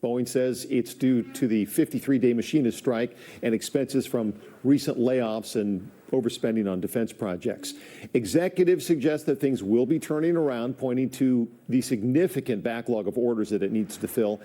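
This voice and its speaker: Mellow male news anchor. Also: medium pitch, moderate pace. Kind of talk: news reading.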